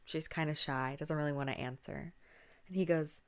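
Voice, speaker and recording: A woman's voice: low-pitched, normal speed. Woman casually retelling spooky stories. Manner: casual, conversational with fillers. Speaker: podcast host.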